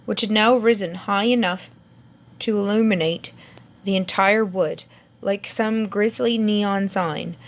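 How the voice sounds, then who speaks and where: A woman reading a fantasy novel aloud in an expressive amateur audiobook style, stumbling and correcting herself now and then. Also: mid-range voice. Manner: expressive, with slips and self-corrections. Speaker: reader.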